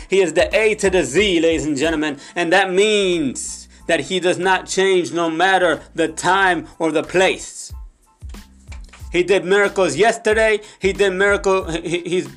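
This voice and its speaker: A young man with a slightly high voice preaches with fervor, hammering repeated phrases at his listeners. Now and then he sinks into a soft, hushed prayer. Faint music plays underneath. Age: young adult. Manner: impassioned, repeats phrases, addresses audience often; drops to soft low prayer in Spanish. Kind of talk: sermon.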